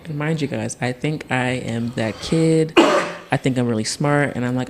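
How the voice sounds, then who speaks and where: Guesting on a podcast, a young Tennessean animatedly recounts something from his childhood, laughing as he acts out other people's voices. His voice is on the high side at a normal speed, over a little hiss or hum.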